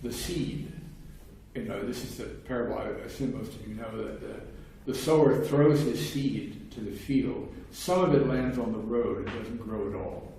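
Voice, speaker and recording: A man's voice: medium pitch, normal speed, dark tone. A man giving a conversational academic lecture on philosophy, explaining at length with wry, casual asides. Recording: very echoey room, distant mic, faint noise.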